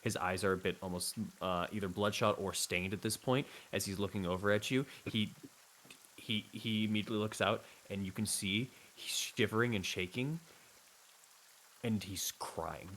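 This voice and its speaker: A man's voice: on the low side, fairly even intonation, moderate pace, fairly bright tone, a little hiss or hum, rough recording. A man running a tabletop game as game master, describing the scene in a rambling, hesitant way.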